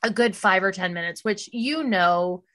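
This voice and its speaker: A middle-aged woman co-hosting a podcast, chatting casually and telling animated stories with bursts of laughter. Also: mid-range voice, normal speed. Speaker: podcast co-host. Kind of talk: casual chat.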